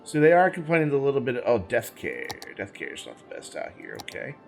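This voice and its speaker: A man's voice: medium pitch, huge pitch swings, brisk, creaky, darkish tone, soft background music. A man hosting a gaming channel, giving casual let's-play commentary as he plays, thinking aloud, rambling and correcting himself, with the hiccups.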